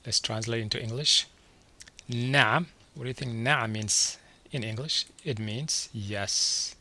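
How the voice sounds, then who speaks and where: A man teaching a beginner vocabulary lesson from slides, saying each word twice and slowly before asking what it means. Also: medium pitch, sharp tone. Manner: repeats each word slowly, then quizzes the listener. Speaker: language teacher.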